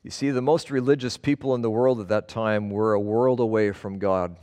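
With a lowish, darkish voice and fairly even intonation, a male pastor preaches briskly, reading scripture aloud and explaining it. He stresses words individually in an earnest, emphatic style, and the hall's long reverb colors the recording.

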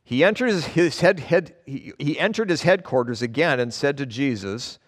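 A man's voice: fairly high pitch, expressive, moderate pace. A male pastor preaching a sermon, reading scripture aloud and explaining it in an earnest, emphatic way. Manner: earnest, emphatic preaching, stressing words one by one. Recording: long reverb of a large hall.

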